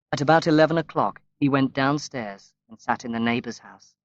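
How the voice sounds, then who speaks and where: A man reading a graded-reader story aloud as audiobook narration, slow and measured with long pauses. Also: medium pitch, no echo. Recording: dry, slightly dull lo-fi recording.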